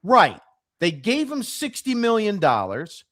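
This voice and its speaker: Lively, exasperated male sports podcaster. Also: high-pitched, a little slow, no room sound, clean studio sound. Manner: blunt, exasperated arguing. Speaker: podcast co-host.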